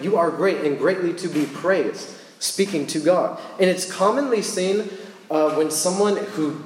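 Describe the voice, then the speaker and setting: A young man giving a casual sermon in a church, telling stories in an animated way. His voice sits a little high and rings out with a long reverb in a big, echoey hall. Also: a little hiss or hum. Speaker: preacher.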